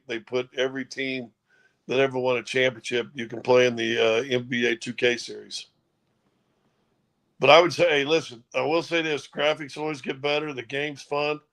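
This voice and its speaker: A man's voice: mid-range voice, fairly bright tone. A man co-hosting a casual sports talk show, easygoing and rambling in a playful way. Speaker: co-host. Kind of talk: casual chat.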